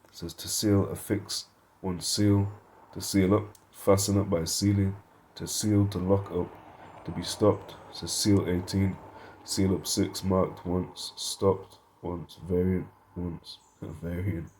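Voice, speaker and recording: A man with a low, mellow voice leads an informal Bible study, reading scripture and dictionary definitions aloud. He thinks out loud and corrects himself as he goes. A faint hiss sits under the recording. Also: flat delivery, slow. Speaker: Bible teacher.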